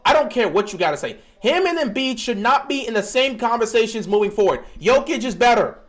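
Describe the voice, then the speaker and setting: Young male streamer, high and very animated voice, excitable live game reaction. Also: a little fast. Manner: excitable, swings from mumbling to shouting.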